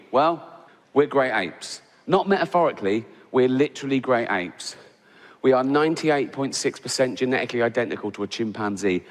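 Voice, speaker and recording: A middle-aged man from England, doing a blunt, sweary, mocking stand-up routine. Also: medium pitch. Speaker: stand-up comedian. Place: theatre stage before an audience. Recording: large hall with long reverb and audience noise.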